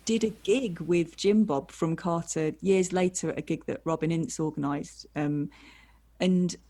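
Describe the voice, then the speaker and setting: A comedian woman telling lively anecdotes on a video call, acting out voices as she goes. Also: on the low side, unhurried. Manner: animated storyteller acting out voices. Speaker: comedian guest.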